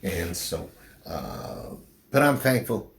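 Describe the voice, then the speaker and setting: A middle-aged man, a pastor, speaking slowly and haltingly in an interview, with a slight southern drawl since his stroke. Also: low voice, huge pitch swings, creaky. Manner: slow, halting speech with restarts after a stroke. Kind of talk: personal interview.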